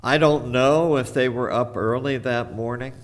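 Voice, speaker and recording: A man's voice: mid-range voice, steady tone, moderate pace. A male pastor preaching a sermon, retelling a scripture story in a reflective, storytelling manner.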